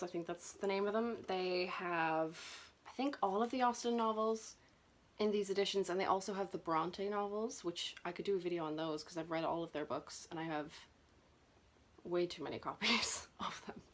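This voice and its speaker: A woman's voice: mid-range voice, moderate pace, slight background noise. A young woman chatting nervously and self-consciously through her book collection for a vlog. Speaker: booktuber. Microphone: camera mic.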